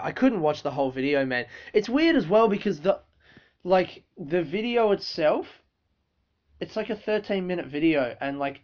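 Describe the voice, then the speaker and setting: A man, a comedian, ranting casually and profanely with lots of filler words. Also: fairly high pitch. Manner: profane, rambling rant with many fillers. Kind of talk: casual monologue. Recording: dull lo-fi recording.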